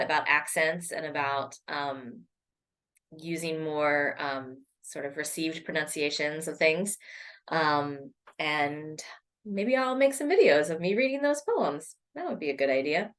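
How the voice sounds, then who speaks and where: A woman's voice: deep voice, fairly bright tone. A woman rambling casually to her laptop camera, full of ums and restarts. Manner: chatty, rambling, many ums. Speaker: poetry vlogger. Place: home room at a laptop. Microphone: laptop mic.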